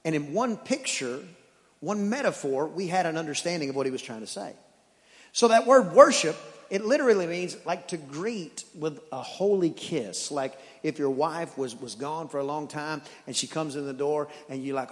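Preaching in a church sanctuary, this man speaks at a normal speed in a voice on the high side, his intonation lively. He's a pastor who tells jokes and performs the dialogue in his stories, and the hall's long reverb hangs on every line.

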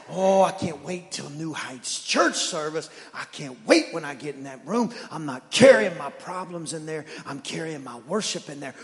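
Animated male pastor in a reverberant hall. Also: fairly high pitch. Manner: animated storytelling, playful then earnest. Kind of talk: sermon.

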